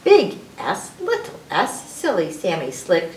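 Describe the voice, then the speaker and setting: Storytime reader: woman, lively sing-song phonics delivery, distant mic in a roomy library. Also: lowish voice, takes it slowly, vocal fry, a little hiss or hum. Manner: playful, sing-song phonics teaching with sound effects. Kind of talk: children's read-aloud lesson. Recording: echoey room, distant mic.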